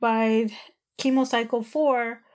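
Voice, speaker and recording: A woman's voice: fairly high pitch, flat delivery, slow. A woman in her thirties telling a personal story in a candid, emotional, rambling way, full of "like" and "you know".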